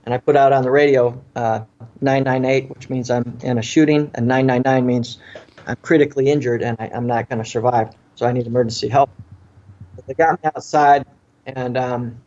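Man, former police officer, interview guest, earnest storytelling, middle pitch, muffled recording. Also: darkish tone. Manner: earnest, vivid storytelling that acts out what people said. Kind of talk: recounting a personal story in an interview.

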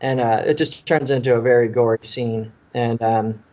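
Man, former police officer, interview guest, earnest storytelling, middle pitch, muffled recording. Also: steady tone, normal speed, mellow. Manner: earnest, vivid storytelling that acts out what people said. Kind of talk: recounting a personal story in an interview.

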